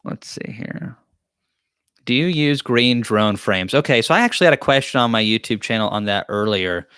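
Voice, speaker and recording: A man's voice: medium pitch, expressive, normal speed, a bit bright, smooth, no echo, clean studio sound. A man hosts a live-stream Q&A, reading chat questions aloud and answering them in a joking, rambling, self-deprecating way. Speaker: beekeeping channel host.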